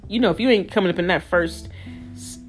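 Young woman podcast host, low voice, slangy, animated solo chat, faint guitar bed. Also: a little fast. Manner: loose, slangy and animated, breaks into playful impressions.

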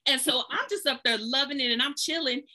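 A woman with a bright, ringing voice gives a casual spoken testimony. She tells a lively, folksy story and acts out the people in it with sudden jumps in pitch. She keeps turning to her listeners as if she were chatting with them. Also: fairly quick. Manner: folksy, addresses listeners as "y'all". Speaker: therapist sharing a testimony.

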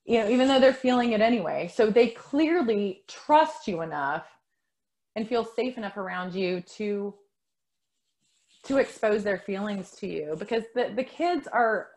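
Gentle, reassuring middle-aged woman. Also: mid-range voice. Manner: gentle, reassuring, repeats words. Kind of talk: casual conversation.

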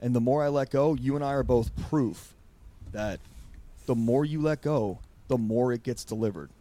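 A man hosting a podcast in a loose, rambling way, often jumping into quoted voices. His tone is mellow and dark, sitting at an ordinary middle pitch. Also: moderate pace. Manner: rambling, animated, acts out quotes. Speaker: podcast host. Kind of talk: casual podcast conversation.

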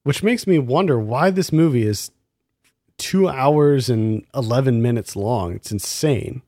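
A man picks apart a film in casual chat, sounding critical and exasperated and leaning on rhetorical questions. His voice sits at an ordinary middle pitch. The recording is close and dry, with no room sound. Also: animated, measured pace, dark tone, no echo.

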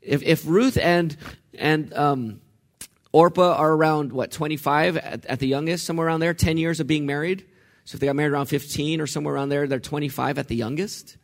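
A man teaching a Bible passage in an expository sermon, animated and full of rhetorical questions, swinging between loud and hushed. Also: on the high side, a little fast, gravelly.

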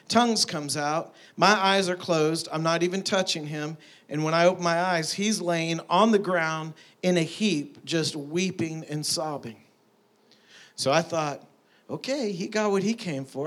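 A preacher with a slightly high voice tells a story from the pulpit. His delivery is animated, and it rises to emphatic peaks as he makes each point. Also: normal speed. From Tulsa, Oklahoma. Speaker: pastor. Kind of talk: sermon with storytelling.

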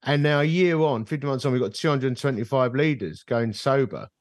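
A man's voice: mid-range voice, brisk, dry recording, studio quality. A middle-aged man, a guest on a podcast, telling a personal story in casual conversation and acting out the dialogue. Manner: animated storyteller who acts out dialogue. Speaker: podcast guest, ministry leader. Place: bar.

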